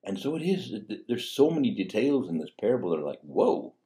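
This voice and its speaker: Talking fast with big swings in pitch, a priest with a lowish, dark voice explains a parable in a chatty sermon. Rhetorical questions, asides, and frequent "you know" and "see?" run throughout.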